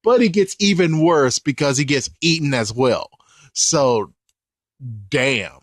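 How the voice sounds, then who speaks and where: A man talks casually about an anime episode, rambling and animated, often correcting himself mid-sentence. His voice is mid-range and a little slow. The recording is studio quality with no room sound.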